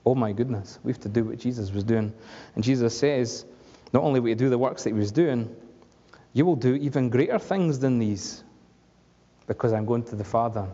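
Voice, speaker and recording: A man's voice: medium pitch, a little fast, mellow, breathy edge. A man preaching a conversational sermon, asking the congregation questions along the way. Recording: dull lo-fi recording with long hall reverb.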